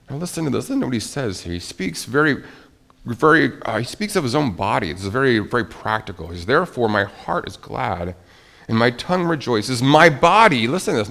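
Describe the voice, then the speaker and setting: A man's voice: lowish voice, animated, a little fast. Man preaching with swelling, dropping intensity. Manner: dynamic, swings between soft hushed lines and loud emphatic ones. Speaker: pastor. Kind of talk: sermon.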